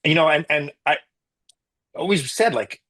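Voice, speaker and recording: A man's voice: on the high side, lively intonation, measured pace, bright, forceful tone, slight background noise. A middle-aged man, an emergency physician, giving an emotional personal account in an interview, earnest, with frequent restarts and rising indignation.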